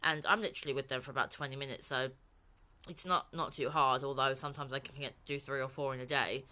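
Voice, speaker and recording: A woman's voice: rumbling low, fairly even intonation, fast talker, pushed and bright. A young woman from England talking frankly in a personal vlog, rambling and swearing freely. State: emotional, near tears. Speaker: vlogger.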